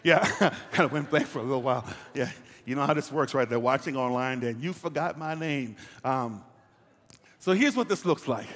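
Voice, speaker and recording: A man's voice: medium pitch, lively intonation, normal speed, a bit bright, long reverb tail. An older man, a pastor, preaching a sermon in a conversational way, with asides to the congregation.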